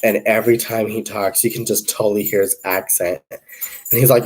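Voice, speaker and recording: A man's voice: mid-range voice, fairly even intonation, a little fast, darkish tone, husky. A young man hosting a casual crochet livestream, chatting in a rambling way, reading viewer comments aloud and counting stitches under his breath.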